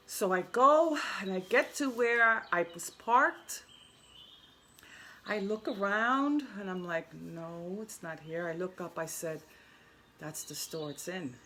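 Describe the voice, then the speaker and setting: A woman's voice: on the low side, slow pace, sharp tone, a little hiss or hum. A woman telling an earnest personal story in a casual vlog, often repeating and restarting her words. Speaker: spiritual vlogger.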